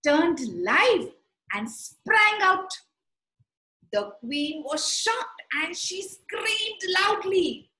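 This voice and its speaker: A woman teaching young children, telling a story and guiding letter writing in a slow, sing-song, animated way. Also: sits high. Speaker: preschool teacher. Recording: echoey room.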